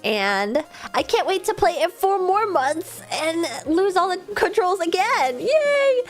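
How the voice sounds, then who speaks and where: A woman streamer chatting casually and rambling at the end of a gaming stream, sleepy and a little hoarse. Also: very high voice, expressive, measured pace. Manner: chatty, rambling, self-deprecating. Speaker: video game streamer. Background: faint background music.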